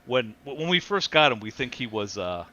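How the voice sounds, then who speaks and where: A man's voice: medium pitch, sing-song, moderate pace, bright, forceful tone, dull audio. A man hosting a casual podcast chat, joking and laughing often. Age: adult with a wife. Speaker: podcast host.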